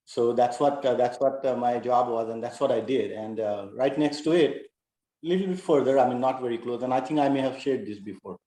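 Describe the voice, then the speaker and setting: A man's voice: medium pitch, dark tone. Earnest middle-aged man, echoey room. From India. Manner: halting, full of fillers, earnest. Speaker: class participant. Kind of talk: sharing a personal story.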